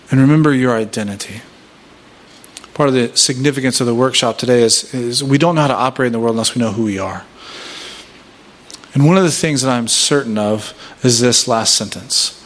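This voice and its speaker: A man's voice: medium pitch, brisk. A man in his thirties giving a workshop talk in a sermon style, casual and self-deprecating, telling family stories and asking the room questions. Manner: conversational, self-deprecating storytelling with rhetorical questions. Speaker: workshop speaker.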